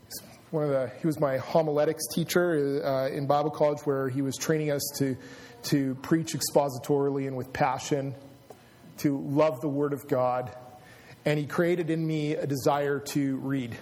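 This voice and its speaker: A man's voice: fairly high pitch, steady tone, normal speed, darkish tone. A middle-aged man preaching a sermon, telling a personal story and building to emphatic preaching. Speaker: pastor. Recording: long hall reverb.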